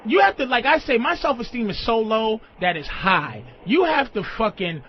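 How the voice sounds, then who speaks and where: A man hosting a call-in radio show, loud, profane and excitable, constantly interrupting. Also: very high-pitched, normal speed. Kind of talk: crude call-in radio banter. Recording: dull lo-fi radio audio, faint hiss.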